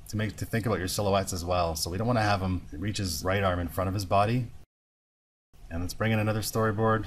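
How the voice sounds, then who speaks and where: Male animation tutor, lowish voice, relaxed, narrates his steps as he works. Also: a little hiss or hum. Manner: relaxed, thinking aloud step by step. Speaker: animation instructor. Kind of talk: screen-recorded software tutorial.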